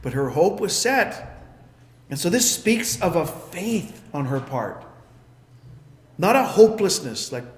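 High-voiced man preaching in an echoey room. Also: big pitch swings, slow pace, pauses often. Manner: storytelling, acting out the characters' lines. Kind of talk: sermon.

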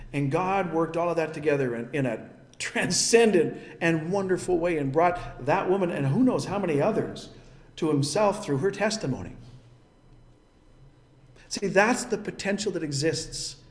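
A man's voice: a little high, echoey room. A man preaching a sermon as a pastor, telling a story in an earnest, emphatic way.

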